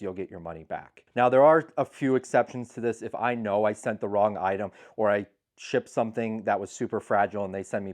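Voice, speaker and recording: A man hosting his channel, giving frank, matter-of-fact advice on handling buyer returns in a casual talk to the camera. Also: fairly low pitch. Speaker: eBay seller and channel host.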